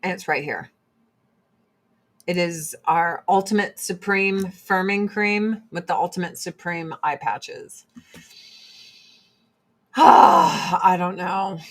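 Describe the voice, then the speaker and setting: A woman in her forties hosts a relaxed livestream from home. She talks slowly and unhurriedly, easily drifting between blunt, profane opinions and product pitches. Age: 40s. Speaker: livestream host and Avon seller. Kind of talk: casual livestream chat.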